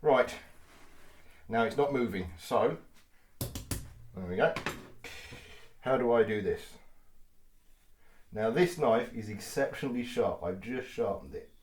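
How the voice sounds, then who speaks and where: A man chatting and swearing casually as he cuts meat in his home kitchen. He laughs often and gets loud and then quiet. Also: medium pitch, slow, pauses often, a little hiss or hum. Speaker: vlogger. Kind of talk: casual cooking vlog. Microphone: mic on the kitchen table.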